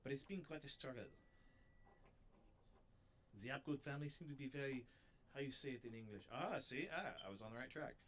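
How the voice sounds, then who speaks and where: A man doing a clumsy French-accented gentleman. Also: mid-range voice, a little fast, long pauses, a little hiss or hum, voice pushed up, natural voice. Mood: earnest. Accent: mock French, drifting German.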